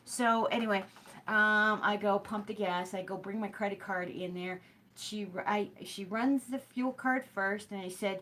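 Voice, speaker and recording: A woman's voice: medium pitch, fairly even intonation, normal speed, a bit bright. A middle-aged woman hosts a live hooping show, chatting straight to her viewers. She rambles through her stories with plenty of fillers, restarts and asides. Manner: rambling storytelling with many fillers. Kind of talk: casual chat to a live stream.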